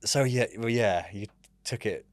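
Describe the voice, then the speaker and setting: A man in his thirties, a military veteran guest, telling rambling, animated stories in casual chat and often saying "mate". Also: fairly low pitch, unhurried, no room sound. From United Kingdom.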